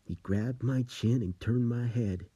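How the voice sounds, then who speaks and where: Male storyteller, spooky tale, slow dramatic delivery, husky, dry close sound. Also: mid-range voice, dark tone, dry recording.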